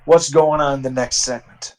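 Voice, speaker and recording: A man's voice: medium pitch, steady tone, normal speed, poor audio. A man narrating a wrestling sim game in casual, profane, rambling commentary. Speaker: let's-play narrator.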